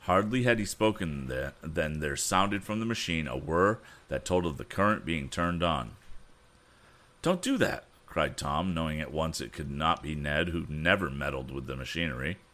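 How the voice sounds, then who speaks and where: A man's voice: extremely low pitch, moderate pace, few pauses, a bit bright. A man reading an adventure novel aloud with expression, stopping to correct his own misreadings. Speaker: audiobook reader.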